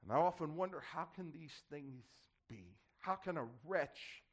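A man's voice: fairly high pitch, expressive, unhurried. A man preaching a sermon to his church, impassioned, his voice swelling and dropping as he drives his points home. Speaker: pastor.

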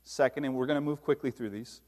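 A man preaching a sermon, reading scripture aloud with slow emphasis and then explaining it to his congregation. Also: mid-range voice, a little mellow, long reverb tail. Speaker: pastor.

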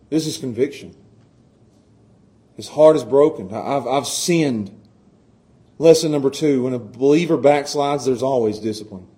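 With a fairly high-pitched voice, this middle-aged pastor preaches, shifting from soft, tender moments to loud, impassioned ones. He frequently stammers as he restarts his lines.

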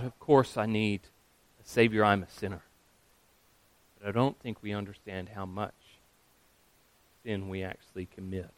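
Man preaching with a smooth, dry voice. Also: lowish voice, no echo. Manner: earnest preaching, acting out quoted voices. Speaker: pastor. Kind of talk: sermon.

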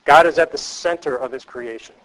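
Fairly quick and a bit bright, a man's voice on the high side delivers an earnest, emphatic lecture to counselors on a rough recording. He keeps repeating key phrases and asking the class rhetorical questions.

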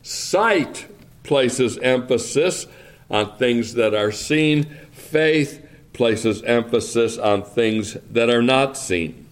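A man preaching a sermon, reading scripture aloud and then explaining it in a slow, measured, deliberate way. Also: mid-range voice, expressive.

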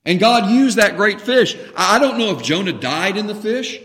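A man's voice: sits high, expressive, moderate pace, a bit bright, long reverb tail. A man preaching a sermon, earnest and building to emphatic commands.

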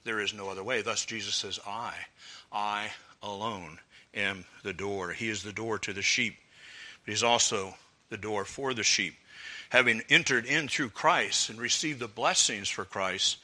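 A man preaching an expository sermon as a pastor, measured and emphatic, with pauses and occasional restarts. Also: lowish voice, sharp tone.

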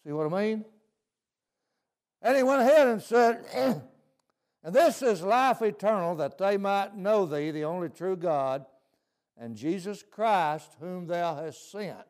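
A man's voice: high-pitched, animated, measured pace, a little mellow. A male preacher delivering a folksy sermon, often asking "See?".

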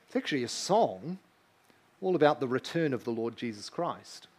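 A man's voice: mid-range voice, very animated, moderate pace, a little mellow, husky. A man in his thirties preaching a sermon, earnest and emphatic, often asking his listeners rhetorical questions. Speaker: pastor.

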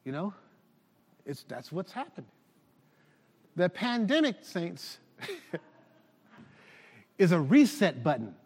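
Male pastor mid-sermon, lively swooping pitch, long church reverb. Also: takes it slowly, long pauses, husky. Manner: animated, shouting at peaks, with laughs.

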